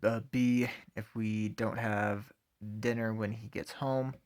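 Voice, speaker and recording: A man's voice: fairly low pitch, steady tone, takes it slowly, a little mellow. A man gives lines to an unhappy young housewife. She speaks in a sweet, dutiful way, in a voice barely changed from the man's own.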